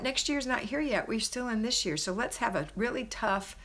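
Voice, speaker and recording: A woman's voice: fairly high pitch, lively intonation, normal speed. A middle-aged woman hosting a homemaking live stream from a house, reading viewer comments and cheering them on. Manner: warm, encouraging, cheerleading. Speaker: host of a homemaking livestream. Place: her parents' house, indoors.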